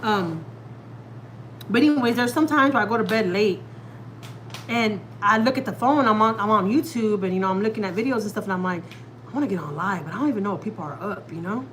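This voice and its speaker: Woman, 30s, mid-pitched, chatty live-stream host talking at length into her phone from home, light background hiss. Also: lively intonation, fast talker, fairly bright tone, rough recording. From Texas, USA. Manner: chatty and rambling, talks straight to viewers. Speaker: family vlogger hosting a live stream. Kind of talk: casual live-stream chat.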